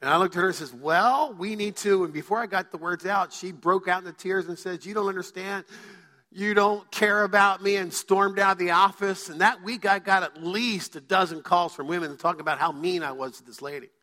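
A man's voice: high voice, fairly quick, hardly any pauses, bright, forceful tone. A male pastor preaching a sermon to his church, telling stories and acting out quoted voices. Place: church sanctuary. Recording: church hall reverb.

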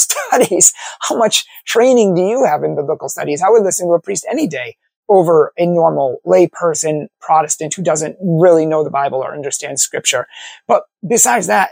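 A man's voice: high-pitched, creaky, a little mellow, breathy edge, no room sound. A man, a Catholic apologist, delivering an argumentative monologue full of rhetorical questions. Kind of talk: opinion monologue to camera.

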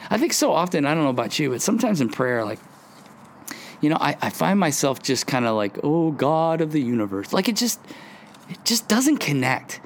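A man's voice: on the high side, big pitch swings, fairly quick, a little hiss or hum. A middle-aged man hosting a devotional podcast, talking in an earnest, conversational way and often checking in with "right?". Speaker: podcast host and pastor. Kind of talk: casual devotional podcast talk.

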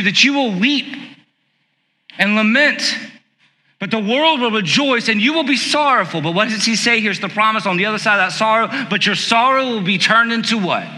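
A man preaching a conversational sermon as pastor, asking rhetorical questions and slowing down on key words. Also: sits high, pushed and bright. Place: church sanctuary. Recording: long hall reverb.

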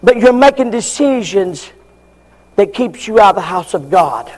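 An older man preaching a fiery sermon, shouting at times and acting out members of the congregation. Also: high voice, big pitch swings, moderate pace.

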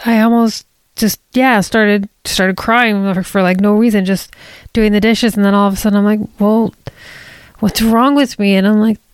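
A woman hosting her own podcast, talking casually and candidly in a rambling, halting way, full of restarts and self-corrections. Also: mid-range voice, level tone, clean tone, no echo. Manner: candid, confiding. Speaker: podcast host. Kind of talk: casual solo podcast monologue.

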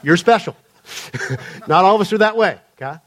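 A man preaches to a congregation in a high-pitched voice. He talks in a loose, joking, storytelling way. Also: animated, normal speed, fairly bright tone. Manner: conversational, humorous storytelling. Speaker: pastor. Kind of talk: sermon. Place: church before a live congregation.

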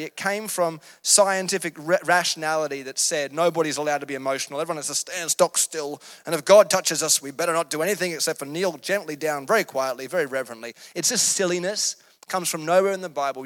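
A man's voice: high-pitched, a bit bright, big-room sound. A man preaching a sermon in an earnest, emphatic, conversational way.

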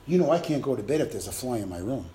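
A man's voice: medium pitch, sing-song, racing, dark tone, roomy sound. A male preacher delivering a sermon with emphatic bursts and acted-out sounds.

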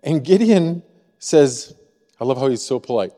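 A man from Missouri preaching a sermon as pastor, in a conversational way, often asking the room a quick "right?". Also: medium pitch, lively intonation, dark tone, big-room sound. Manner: conversational, frequent rhetorical "right?". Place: church sanctuary.

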